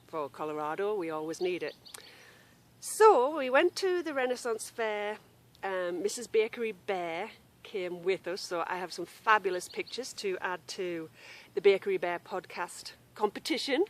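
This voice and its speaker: A woman whose voice is on the low side hosts a knitting podcast from a grassy yard outdoors, with a little hiss or hum in the recording. Chatty and apologetic, she talks casually and stops to call a wandering dog, apologising for the interruptions.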